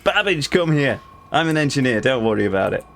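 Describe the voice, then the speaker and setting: A man's voice: medium pitch, very animated, a little fast, gravelly, fairly bright tone, a little hiss or hum. A man hosting a let's play, talking through the game in a playful, gushing way. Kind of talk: casual gameplay commentary.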